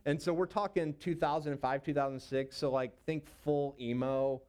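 Smooth-voiced man telling a personal story. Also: a little high, fairly even intonation, moderate pace, darkish tone. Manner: casual, rambling with many fillers. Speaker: youth pastor.

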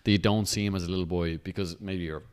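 A man chatting as a podcast guest, eager and repeating himself in quick bursts. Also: deep voice, fairly even intonation, clean tone. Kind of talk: casual chat.

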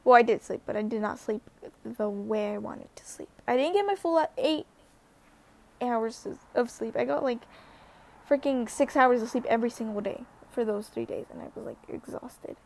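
Young woman, high pitch, casual rambling vlog storyteller. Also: normal speed, gravelly, darkish tone. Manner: chatty, rambling, with many fillers and restarts. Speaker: vlogger.

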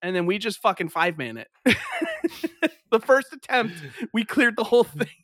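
An excitable man co-hosting a podcast, telling stories with lots of swearing and laughter. His voice is high and bright. The recording is dry and close. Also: normal speed, no room sound. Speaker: podcast co-host. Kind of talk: casual chat, animated storytelling.

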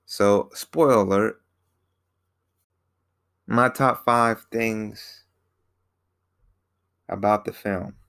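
A man's voice: lowish voice, vocal fry. A man casually recapping a film in a rambling way, repeating himself and using lots of fillers. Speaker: film reviewer.

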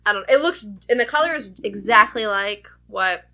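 A woman's voice: a little high, expressive, normal speed, sharp tone. A woman co-hosting a podcast in casual chat, laughing often and swearing freely. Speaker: podcast co-host.

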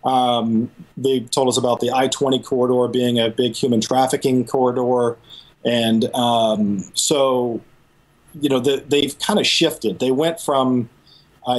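Male guest, middle pitch, measured and plain storytelling. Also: fairly even intonation, poor audio. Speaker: caller guest. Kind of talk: phone interview.

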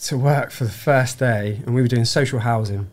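A man's voice: medium pitch, moderate pace, a little mellow. A young adult man from England, casually telling a story and acting out the dialogue in it. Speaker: guest tradesman. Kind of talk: casual storytelling in a podcast chat.

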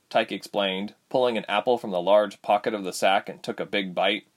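A man reading a story aloud, expressive and lively. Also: lowish voice, normal speed, hardly any pauses. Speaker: narrator. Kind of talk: storybook narration.

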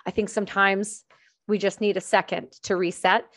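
A woman's voice: mid-range voice, flat delivery, moderate pace, dry recording, studio quality. A woman from Canada chatting casually as a guest, blunt, swearing and ranting playfully. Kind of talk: casual chat.

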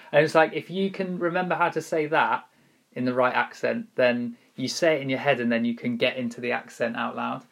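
A man's voice: mid-range voice, steady tone, brisk, vocal fry, a bit bright. A man leading a youth group session, chatting casually and joking about himself. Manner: jokey, self-deprecating, chatty. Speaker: youth leader. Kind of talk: casual chat.

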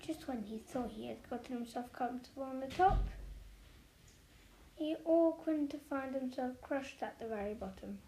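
A woman reading a children's picture book aloud, expressive, with occasional slips. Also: sits high, normal speed, slight background noise, low-quality recording. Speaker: storyteller. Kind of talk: children's story read aloud.

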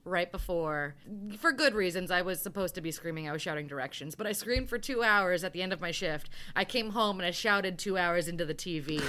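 Bright, animated woman host. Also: fairly low pitch, fairly quick, few pauses. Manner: animated, acts out quotes from the movie; laughs often while talking. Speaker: podcast host. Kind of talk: casual chat recapping a movie.

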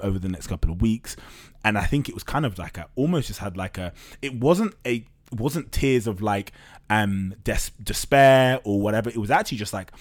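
Man, startup founder type, quick casual delivery in a lowish register, candid guest energy. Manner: fast, casual, open talker with loose slang and swearing. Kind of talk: candid podcast conversation.

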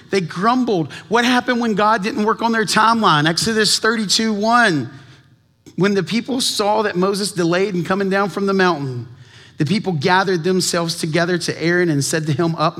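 A teaching pastor, a man, delivers a sermon in a high, bright, forceful voice. He talks earnestly, throwing out rhetorical questions and doubling words as he drives each point home. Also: normal speed.

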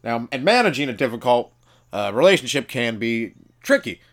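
A man doing an impression of a wordy male TV advice doctor who talks slowly and repeats himself. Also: medium pitch, sing-song, fairly bright tone. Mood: lecturing. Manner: slow, drawn-out, repetitive.

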